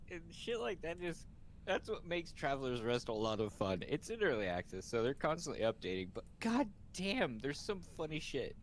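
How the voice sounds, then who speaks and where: A man's voice: a little high, big pitch swings, moderate pace, a little hiss or hum. A man hosting a casual chat, telling rambling stories with frequent laughter and swearing. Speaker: host.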